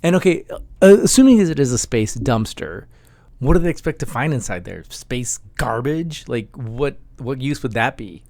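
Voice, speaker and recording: A man's voice: medium pitch, animated, normal speed, darkish tone. A man hosting a casual video review, chatty and joking.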